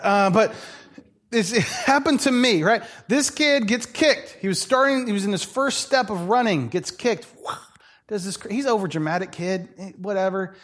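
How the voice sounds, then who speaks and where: A middle-aged male pastor preaching a sermon, telling funny stories and acting out the people in them. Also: sits high. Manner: animated, joking, acts out voices in his stories.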